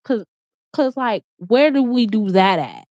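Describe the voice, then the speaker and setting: A woman with a slightly high voice vents through a heated, profane story, circling back and repeating herself as her irritation builds. The sound is muffled and dull, with a close, dead-dry room around her. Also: expressive, measured pace, a little mellow, no room sound. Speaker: vlogger. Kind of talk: casual storytime rant.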